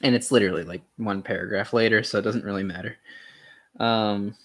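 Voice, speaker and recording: Young man, lowish voice, casual read-aloud of a philosophy text; halting delivery, lots of ums, dry sarcastic asides. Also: steady tone, fairly bright tone. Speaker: channel host reading aloud.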